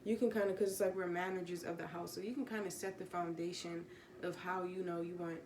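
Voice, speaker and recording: A woman giving a relaxed, casual Bible teaching from home, rambling with fillers and self-corrections. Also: fairly low pitch, a little fast, roomy sound, slight background noise. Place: home room with pets.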